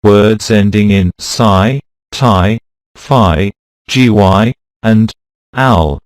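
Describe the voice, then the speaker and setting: Slow, low-voiced male teacher. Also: clear, resonant tone, no room sound, clean studio sound. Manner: slow, even reading of rules and word lists. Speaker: pronunciation teacher. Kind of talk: scripted lesson narration.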